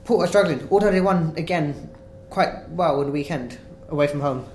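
A man's voice: on the high side, brisk, a little mellow, a little hiss or hum, low-quality recording. A man from England chatting casually about football as a co-host, hesitant, with frequent restarts. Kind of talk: casual chat.

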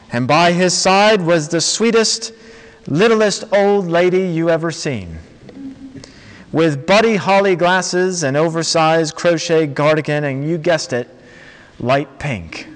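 Male preacher, slightly raised pitch, unhurried dramatic storytelling, reverberant sanctuary. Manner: slow, dramatic storytelling with long pauses. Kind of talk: storytelling sermon. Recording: long reverb of a large hall.

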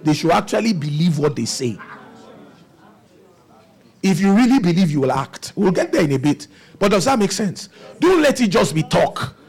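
A man's voice: high-pitched, big pitch swings, normal speed, creaky, long pauses, a little mellow, breathy edge, faint music behind. A man preaching a sermon, asking the congregation rhetorical questions.

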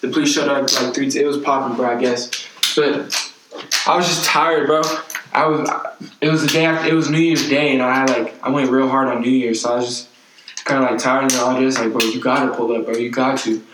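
A man's voice: medium pitch, fairly even intonation, brisk. A young man telling a long story in casual, slangy talk, swearing a lot. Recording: echoey room, mic at a distance, faint noise.

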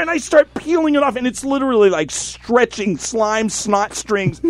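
A man hosting a podcast, telling an animated, profane story in casual chat. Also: very high-pitched, moderate pace. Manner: animated, profane, acts out voices in quotes.

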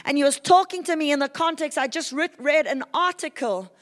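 Lady preaching, high voice, super intense and fired up, drops soft then builds loud again. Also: animated, brisk. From South Africa. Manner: intense, fervent preaching that swings between loud and quiet. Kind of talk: sermon.

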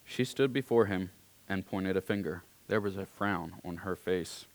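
A man reading a story aloud in a calm, unhurried way, now and then clearing his throat. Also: low voice.

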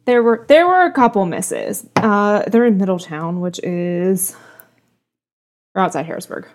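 A woman's voice: medium pitch, measured pace. A woman co-hosting a podcast in casual chat, blunt and playful, swearing freely, with a congested voice. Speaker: podcast co-host.

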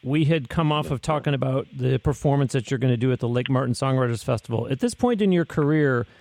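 A man's voice: medium pitch, fast talker, vocal fry, darkish tone. A man hosting a podcast, asking questions and giving short encouraging reactions. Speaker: podcast host. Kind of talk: interview questions.

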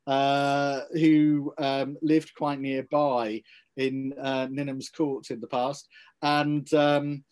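A man, a local historian co-hosting a podcast, telling anecdotes in a relaxed, hesitant way with frequent fillers. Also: medium pitch, slow pace, clean tone. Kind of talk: casual podcast storytelling.

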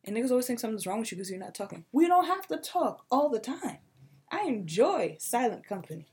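A young woman co-hosting a podcast in casual chat, telling stories with animated quoted voices. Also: quick pace, husky. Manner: animated storytelling, acting out quotes in a high mocking voice. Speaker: podcast co-host.

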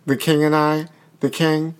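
A man co-hosting a casual comedy chat show, talking in a campy, sassy way and riffing quickly on his own jokes. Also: a little high, level tone, clear, resonant tone. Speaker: podcast co-host.

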